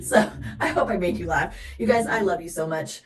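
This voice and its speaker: A woman's voice: lowish voice, a little fast, crowd noise. A woman sales director leading a motivational team call, chatty, upbeat and encouraging as she coaches her team. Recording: roomy, echoey recording.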